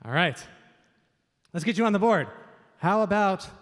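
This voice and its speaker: His voice is high-pitched, expressive and fairly bright, moving at a moderate pace as this Washington state quiz host runs a live show on a stage mic. The big event hall gives a reverberant sound to his chatty, upbeat banter and jokes.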